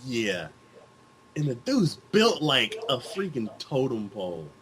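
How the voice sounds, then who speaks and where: A man's voice: medium pitch, slow pace, a crowd in the background. A man co-hosting a casual chat, retelling scenes with acted-out lines and sound effects. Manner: animated storytelling, acts out scenes with sound effects. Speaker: co-host.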